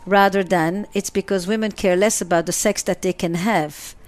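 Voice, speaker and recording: A woman therapist speaks at a mid pitch. She drives her points home by repeating and listing words. Soft music plays faintly underneath. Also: steady tone, moderate pace. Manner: emphatic, repeats and lists words for stress. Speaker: relationship therapist. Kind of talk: interview answers.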